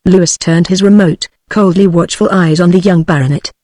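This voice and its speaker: A text-to-speech woman's voice with a British English accent, reading a novel aloud in an even, measured way. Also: lowish voice, dry recording. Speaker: narrator. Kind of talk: synthetic audiobook narration.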